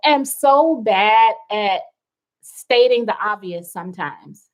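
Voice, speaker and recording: Slow, chatty woman hosting a wellness livestream. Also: mid-range voice, animated, low-quality recording. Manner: chatty, reads viewer comments aloud, rambling asides. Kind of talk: casual livestream chat.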